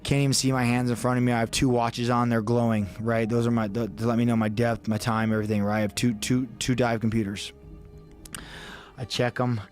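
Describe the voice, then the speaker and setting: A man's voice: mid-range voice, little pitch movement, brisk, over music. A man telling a story as a podcast guest, casually and vividly, acting out his own thoughts and swearing freely.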